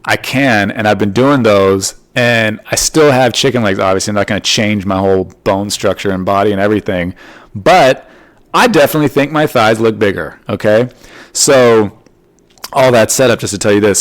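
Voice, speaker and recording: A man with a lowish voice talks through his material alone on a podcast. His delivery is loose and rambling, padded with "you know" and "like.". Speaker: comedian and podcast host. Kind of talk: casual solo monologue.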